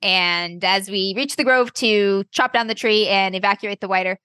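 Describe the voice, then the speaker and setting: A woman's voice: mid-range voice, moderate pace, pushed and bright, smooth, no room sound. A woman casually recapping a tabletop game session, laughing and swearing as she goes. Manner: laughing, swearing, loose and joking. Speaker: player and co-host.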